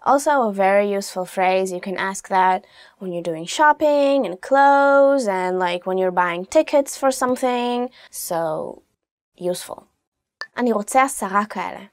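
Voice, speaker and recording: A woman teaching phrases in a casual video lesson, chatty and quick to laugh, dropping into soft asides now and then. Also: mid-range voice, no room sound, studio quality. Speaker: language teacher.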